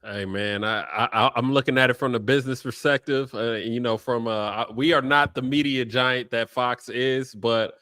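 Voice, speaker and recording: A man's voice: mid-range voice, fairly even intonation, moderate pace, hardly any pauses, pushed and bright, clean tone, no echo, studio quality. A man on a sports podcast explaining basketball plays from game film, with many "uh"s. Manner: explanatory, filler-heavy with "uh". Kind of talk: casual sports talk, breaking down game film.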